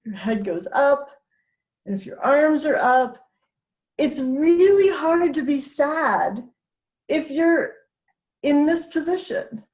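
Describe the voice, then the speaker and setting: A woman's voice: high-pitched, lively intonation, slow, pauses often, darkish tone. A woman speaker guiding a laughter exercise, upbeat, breaking into laughter and cheers. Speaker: self-care speaker.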